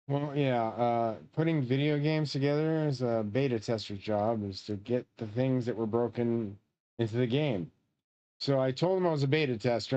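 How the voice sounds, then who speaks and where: A man's voice: medium pitch, a little mellow, clear, resonant tone. Rambling, profane man on a lo-fi stream. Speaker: livestreamer playing a shooter game. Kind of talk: rambling live-stream chat.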